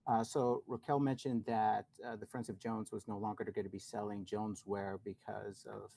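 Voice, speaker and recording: A man at a school council meeting explaining a policy, halting and correcting himself as he goes. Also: lowish voice, little pitch movement, gravelly, mellow, no room sound, low-quality recording. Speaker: council member.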